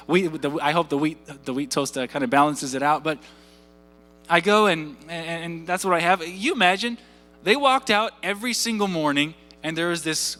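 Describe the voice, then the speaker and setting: Bright, high-voiced man preaching in a church. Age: 30s. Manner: animated, conversational preaching with asides and rhetorical questions. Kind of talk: sermon. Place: church sanctuary. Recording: church hall reverb with faint music.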